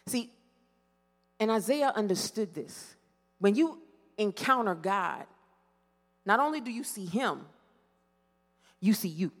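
A woman preaching a sermon, pausing dramatically and asking the congregation to fill in her questions. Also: mid-range voice, animated, big-room sound. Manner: call-and-response questions with dramatic pauses. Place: church sanctuary.

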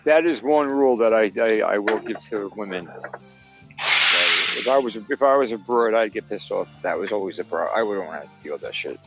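A man's voice: fairly low pitch, expressive, brisk, lo-fi sound, loud music behind the voice. A man co-hosting a podcast in casual chat, blunt and joking, with plenty of swearing.

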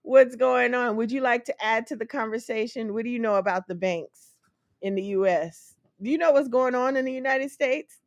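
Chatty higher-voiced woman co-host. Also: normal speed, dry recording. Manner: chatty, laughs often. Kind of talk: casual talk show chat.

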